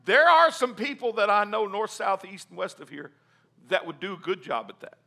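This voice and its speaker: High bright-voiced preacher. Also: male voice, very animated, normal speed, vocal fry. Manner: reads scripture then builds to loud, fervent preaching; calls for congregation responses and says amen. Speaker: pastor. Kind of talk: sermon.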